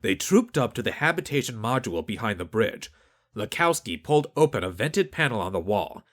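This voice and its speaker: Male audiobook narrator, scripted narration, expressive, animated intonation. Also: on the low side, brisk. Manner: expressive storytelling.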